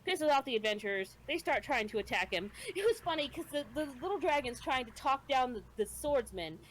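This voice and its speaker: A chatty woman co-hosting a podcast walks through an anime episode in a loose, rambling way, stumbling over names as she goes. Her voice sits fairly high. A faint hiss runs underneath. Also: expressive, brisk. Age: adult with children. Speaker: podcast co-host. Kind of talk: casual retelling of an anime episode.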